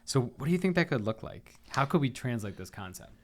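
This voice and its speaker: A man's voice: medium pitch, big pitch swings, quick pace, a little mellow. A man hosting a podcast interview, reflective, framing ideas and steering the talk with questions. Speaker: podcast host. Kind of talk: conversational interview.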